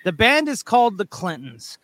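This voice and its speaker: Man, podcast host, high bright voice, rambling, laughs a lot, dry close sound. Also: sing-song, moderate pace, no echo. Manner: rambling, restarts, laughs often. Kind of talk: casual podcast chat.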